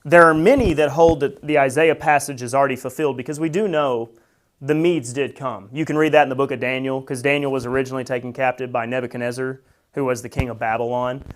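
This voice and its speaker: A man's voice: mid-range voice, steady tone, fast. A man teaching a Bible study in a casual, conversational way, with many fillers, who reads scripture aloud with emphasis.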